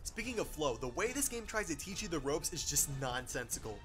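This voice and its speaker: A man's voice: on the high side, sing-song, fairly quick, a bit bright. A man narrating a scripted game review with exasperated, sarcastic complaints. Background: game music.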